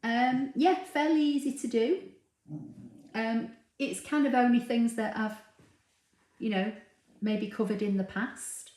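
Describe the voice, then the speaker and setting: Speaking slowly with long pauses, this woman has a slightly high voice with a darkish tone. She chats casually and reads out viewer comments on her craft livestream, saying um often. She's at home in a room with a dog nearby, and the recording sounds roomy and echoey.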